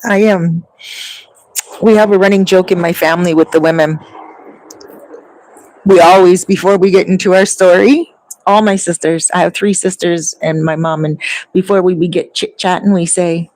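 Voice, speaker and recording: A woman's voice: on the low side, normal speed, a little mellow, no room sound, low-quality recording. A woman talking casually to her viewers, rambling and long-winded as she tells stories. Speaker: vlogger. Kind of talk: casual chat.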